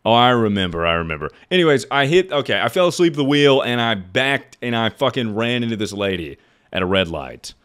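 A man in his twenties with a deep voice, a streamer rambling through stories in casual chat, swearing and laughing at himself. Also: expressive, fairly quick, a bit bright. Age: 20s. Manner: rambling, profane storyteller who laughs at his own stories.

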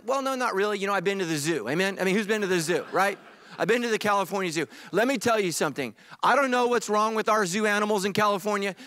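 A man's voice: high-pitched, a bit bright, no echo. A man preaching a sermon as pastor, emphatic and repetitive, mixing humor with earnest appeals. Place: church stage.

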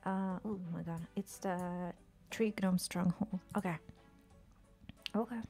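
A woman with a lowish, dark voice, vocal fry, fairly even intonation, and a slow pace chats casually during a game live-stream, soft music underneath. She curses freely, addresses characters in the game, and frequently drops to a whisper.

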